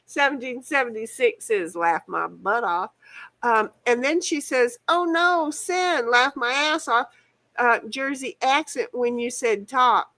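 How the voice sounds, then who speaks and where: A woman's voice: on the high side, unhurried, bright, forceful tone, poor audio. A woman hosting a game stream in casual chat, rambling and playful, laughing and swearing freely. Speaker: streamer host.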